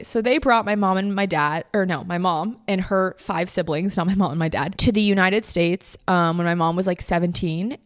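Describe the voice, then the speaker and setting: A woman's voice: mid-range voice, no room sound, clean studio sound. A woman hosting her own podcast, talking candidly and emotionally in a casual heartfelt monologue and swearing freely. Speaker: podcast host.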